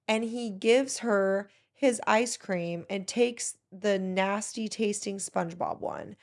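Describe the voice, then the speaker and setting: A woman's voice: mid-range voice, steady tone, unhurried, vocal fry, darkish tone. A woman in her thirties hosting a solo podcast, chatting casually and emotionally as she gushes and tells stories. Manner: chatty, emotional, gushing storyteller. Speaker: podcast host.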